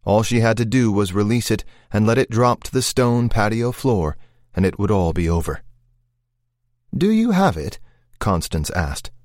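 Male audiobook narrator, low-pitched, dry close recording, measured suspense. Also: no room sound.

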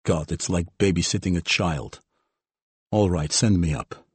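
A male audiobook narrator voicing a stern, grey-haired military major who speaks softly and curtly. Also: a little slow, husky, dry recording. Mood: weary. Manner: low, soft and clipped.

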